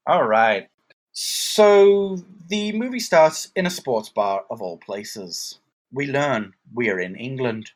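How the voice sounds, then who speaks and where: A man's voice: medium pitch, animated, slow pace. A man co-hosting a casual movie podcast, rambling and joking while he hunts for words. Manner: rambling, jokey, searching for words. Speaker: podcast co-host reviewing a movie. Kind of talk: casual chat.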